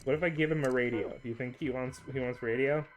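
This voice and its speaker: A man's voice: medium pitch, steady tone, fast. A young man co-playing a game, chatting casually with playful, boastful banter. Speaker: co-player. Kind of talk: casual gameplay chat.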